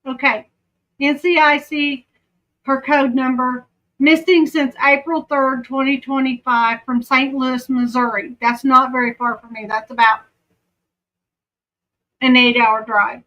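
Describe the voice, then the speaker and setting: A woman's voice: sits high, level tone, a little slow, pushed and bright, muffled recording. A woman with a Southern accent giving casual true crime commentary, chatty and often breaking off to aside. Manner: chatty, self-interrupting.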